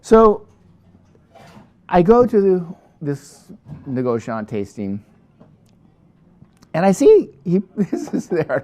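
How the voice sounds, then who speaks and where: Rambling, mellow-voiced male wine seller. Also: sits high, wildly swooping pitch, takes it slowly, long pauses. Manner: rambling, digressive, many restarts. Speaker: wine shop presenter. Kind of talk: casual wine review and sales pitch.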